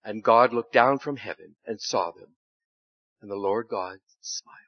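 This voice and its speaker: A man reading a story aloud in a church service, with expressive, dramatic delivery. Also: fairly low pitch, measured pace, dry recording. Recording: slightly dull, dry recording.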